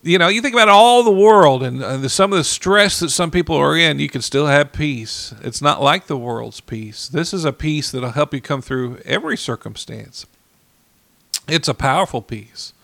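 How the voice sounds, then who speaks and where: A man preaching a sermon in an earnest way, repeating key phrases and slowing down to stress them. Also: a little high, animated, creaky, a bit bright, dry recording.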